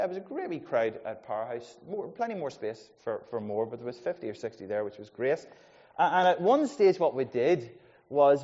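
A man preaching a sermon, his mellow, darkish voice rising to loud emphasis and falling to soft asides. The sound is dull and carries a long reverb from a church hall. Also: medium pitch. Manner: lively, swings between loud emphasis and quiet asides. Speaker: pastor.

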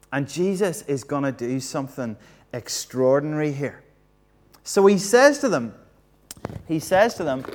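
A man's voice: on the high side, lively intonation, unhurried, pauses often. A man preaching an all-age sermon in a church, acting out the story and quizzing the congregation.

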